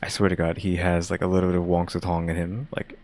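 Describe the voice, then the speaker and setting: Man, very low voice, skeptical, thinks out loud in casual banter. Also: level tone, fast talker, no room sound. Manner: skeptical, musing aloud. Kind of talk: casual chat.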